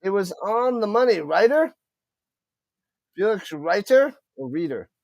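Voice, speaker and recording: A man's voice: sits high, a little slow, no room sound. A man streaming live play-by-play of a football game, talking to his chat and tripping over unfamiliar player names. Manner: excited commentary, chats with viewers, stumbles over names.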